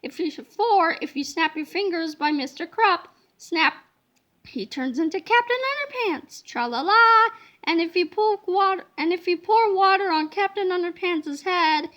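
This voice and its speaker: A woman reading a children's chapter book aloud in a playful, expressive way. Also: extremely high pitch, a little slow, highs cut off. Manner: expressive, playful storybook delivery. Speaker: reader.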